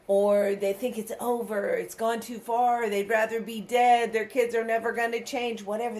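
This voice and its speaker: A woman's voice: a little high, level tone, normal speed, few pauses, a little mellow. Earnest woman giving a devotional. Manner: earnest, emphatic, full of rhetorical questions. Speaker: ministry speaker. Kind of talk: weekly devotional message.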